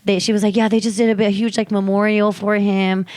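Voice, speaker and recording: A woman's voice: mid-range voice, little pitch movement, fairly quick, darkish tone, dry recording. A young woman co-hosting a casual podcast, telling a rambling story loosely and with swearing. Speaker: podcast co-host. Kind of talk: casual chat.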